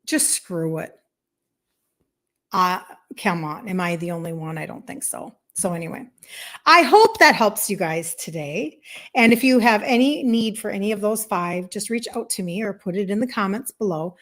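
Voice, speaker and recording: A woman's voice: medium pitch, animated, moderate pace, fairly bright tone. A woman in her fifties, a health coach talking casually and emphatically to viewers on a live stream, encouraging and faith-tinged, acting out inner voices. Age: 50s.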